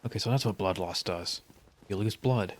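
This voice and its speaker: A man's voice: on the low side, moderate pace, a little hiss or hum. A male streamer giving casual, rambling commentary while playing a game, with dry, wry humor. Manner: rambling asides.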